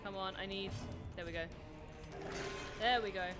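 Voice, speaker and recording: A woman's voice: mid-range voice, steady tone, moderate pace. A woman streaming a video game live, giggling often, swearing freely and chatting casually with her viewers. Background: game music.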